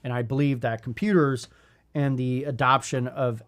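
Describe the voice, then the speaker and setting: Guy in his 30s cohosting a podcast, thinks out loud, rambles a lot, medium voice. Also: mid-range voice, steady tone, moderate pace. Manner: thoughtful and rambling, many restarts and "I mean". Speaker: podcast co-host. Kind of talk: casual leadership podcast chat.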